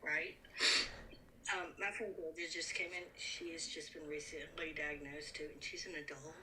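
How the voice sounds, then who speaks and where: A middle-aged woman guest on a casual live chat, halting and trailing off mid-thought. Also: deep voice, little pitch movement. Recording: distant mic with crowd noise.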